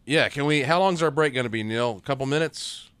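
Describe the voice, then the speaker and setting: A man's voice: mid-range voice, brisk, fairly bright tone, clean tone, no room sound. A man hosting a live radio talk show, chatting in an amused, easygoing way.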